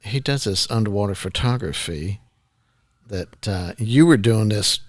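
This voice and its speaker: Host: man, low-ish voice, rambling questions, dry sound. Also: animated, unhurried, no echo. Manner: rambling, hesitant questions with many fillers. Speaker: podcast host. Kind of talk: casual interview questions.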